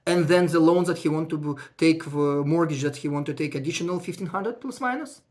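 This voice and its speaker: Speaking a little fast, this accountant chats with viewers about money matters, using phrasing that shows English isn't his first language. His voice sits mid-range but turns loud and emotional whenever a point really gets to him.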